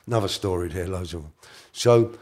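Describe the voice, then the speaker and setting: A man's voice: low-pitched, fairly quick, a little mellow. A middle-aged man, rambling through a story as an interview guest and correcting himself as he goes. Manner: rambling, self-correcting, slips into quoted voices. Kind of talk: casual storytelling.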